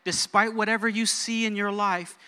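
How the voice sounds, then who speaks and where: High, bright-voiced young preacher. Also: male voice, normal speed, clear, resonant tone. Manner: energetic, calls for amens from the crowd. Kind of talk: sermon. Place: church sanctuary. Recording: reverberant church hall.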